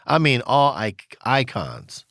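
A man's voice: mid-range voice, huge pitch swings, slow, fairly bright tone, no room sound, studio quality. A man who runs a record store, telling stories in a rambling casual chat with many restarts and chuckles. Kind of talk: casual storytelling in conversation.

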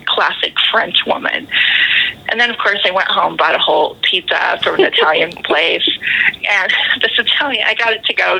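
Bright, gravelly woman telling a lively story. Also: fairly low pitch, poor audio. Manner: animated, laughs often while telling a story. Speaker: guest. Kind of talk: casual storytelling in a podcast interview.

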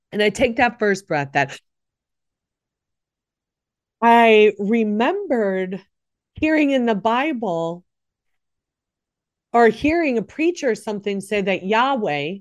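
Speaking in a higher register, a middle-aged podcast host who works as a nurse shares a heartfelt faith story, meandering and frequently revising what she says. The recording is dry and studio grade.

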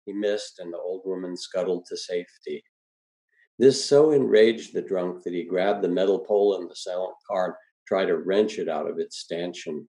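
A man with a low, deep voice reads a story aloud, calm and measured. His tone is mellow and soft-edged. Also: poor audio.

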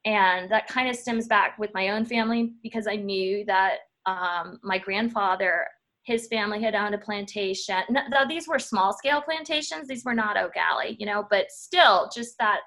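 A woman's voice: mid-range voice, normal speed, fairly bright tone. Thoughtful woman historian. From Louisiana. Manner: thoughtful, frequent restarts and fillers. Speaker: historian guest. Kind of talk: casual interview talk.

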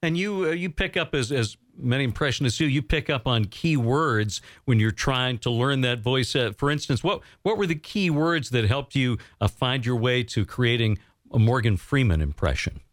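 Male interview host, measured questions, mid pitch, dry close sound. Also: expressive, no echo. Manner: measured, asking long questions.

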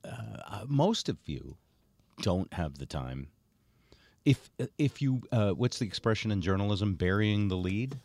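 Older guy host, low voice, bounces around a lot, dry close mic. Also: unhurried, no room sound. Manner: animated storyteller, many fillers. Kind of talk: casual chat.

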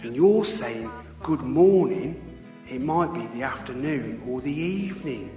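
A man's voice: mid-range voice, lively intonation, measured pace, mellow, faint music behind, lightly acted. Casting: man as a whiny, timid sidekick producer, fussy and pedantic, recorded in an echoey hall. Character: whiny dim-witted male podcast producer. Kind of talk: scripted comedy sketch.

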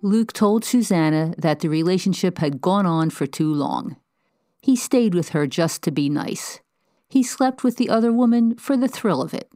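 A woman with a lowish voice reads a scripted narration in an even, measured way. The sound is dry and close, with no room around it. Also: no room sound, soft background music. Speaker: host narrator.

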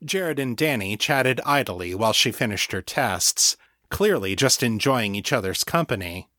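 Steady male audiobook narrator, dry sound. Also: mid-range voice, a little slow, dry recording. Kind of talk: scripted narration.

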